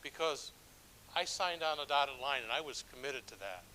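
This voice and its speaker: A man's voice: medium pitch, lively intonation, normal speed, bright, forceful tone, slight background noise, poor audio. A middle-aged man, a church elder, preaching a sermon with stories in a conversational, self-deprecating way, with frequent restarts. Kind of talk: sermon with storytelling.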